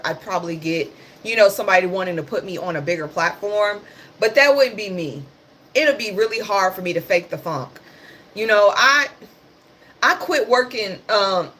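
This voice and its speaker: A woman's voice: medium pitch, fairly bright tone, a little hiss or hum. A woman hosting a casual livestream, talking about the news in a passionate, sarcastic and blunt way. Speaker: livestream host.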